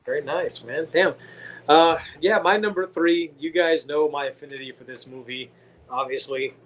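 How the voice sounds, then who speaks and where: A man co-hosts a laid-back podcast, his voice a bit higher than most men's. He talks with loose enthusiasm and drops casual swears. Faint ambient noise sits underneath. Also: normal speed. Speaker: podcast co-host. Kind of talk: casual chat.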